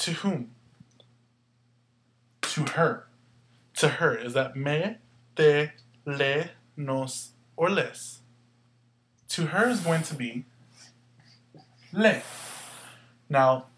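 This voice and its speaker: Man teacher, slightly high voice, patient step-by-step explaining, classroom lesson. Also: a bit bright. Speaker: Spanish teacher.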